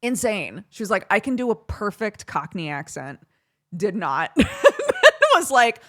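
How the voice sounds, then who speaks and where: Laughing, animated young woman streamer. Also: mid-range voice, a little slow. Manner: giggly, animated storytelling with frequent laughter. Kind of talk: casual chat on a livestream.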